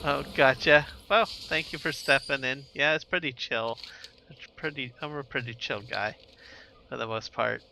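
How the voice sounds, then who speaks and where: A man's voice: medium pitch, moderate pace, creaky, pushed and bright, a little hiss or hum, poor audio. A man streaming a game live, chatting with viewers in a laid-back, rambling way while he plays. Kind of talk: casual live gameplay commentary.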